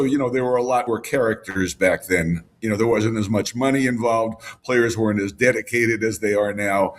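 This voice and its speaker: Older guy, husky voice, reminiscing casually, lots of names and details. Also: fairly low pitch. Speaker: baseball radio broadcaster, guest. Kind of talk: casual storytelling in a podcast chat.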